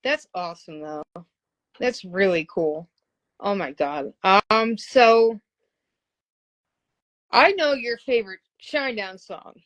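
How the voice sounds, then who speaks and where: Female interviewer, mid-pitched voice, enthusiastic fan, casual and exclamatory. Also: lively intonation, slow, long pauses. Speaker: interviewer, host.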